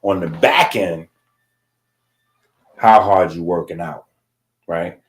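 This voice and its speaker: A man's voice: low-pitched, slow. A man teaching a casual lecture, explaining in a loose conversational way and checking in with frequent "right?" tags.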